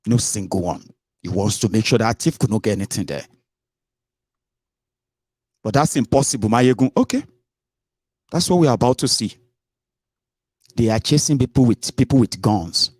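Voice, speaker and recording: A man's voice: lowish voice, expressive, moderate pace, pauses often, darkish tone, husky, dry recording, studio quality. A man hosting a casual political commentary show, chatty and sarcastic, slipping into Pidgin.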